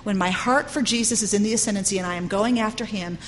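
A woman's voice: mid-range voice, fast, a little hiss or hum. A middle-aged woman teaching a sermon in an earnest, conversational way, often saying "you know". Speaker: Bible teacher. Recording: long hall reverb with faint ambience.

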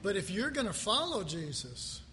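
A man preaching a sermon as pastor, animated and talking with his congregation, acting out other people's voices. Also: sits high, moderate pace. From United States. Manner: animated, acts out quoted voices, asks the audience questions. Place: church hall. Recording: long hall reverb, faint background noise.

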